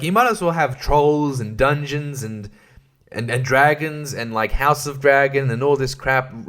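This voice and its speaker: A man's voice: mid-range voice, a bit bright. Profane man ranting solo. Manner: profane, irreverent, laughs mid-sentence. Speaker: podcast host. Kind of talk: casual solo podcast rant.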